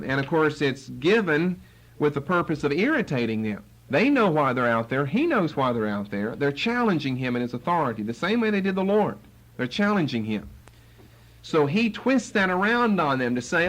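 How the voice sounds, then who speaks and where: A man's voice: a little high, a little fast, low-quality recording. A man teaching the Bible verse by verse, acting out the quotes with sarcasm. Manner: animated, acts out quotes with sarcasm.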